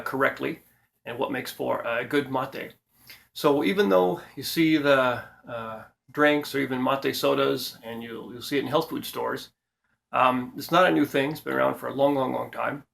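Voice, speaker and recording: Middle-aged male host, heavy gravel in the voice, easygoing how-to delivery with lots of "uh"s. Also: mid-range voice. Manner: relaxed, with frequent fillers and restarts. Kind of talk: casual instructional talk.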